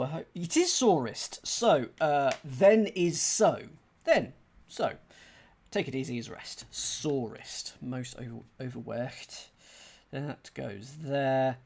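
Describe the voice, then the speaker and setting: A man streaming a crossword solve, thinking aloud in a chatty, self-deprecating way and reading clues out slowly. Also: medium pitch, vocal fry, darkish tone. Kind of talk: casual thinking-aloud commentary.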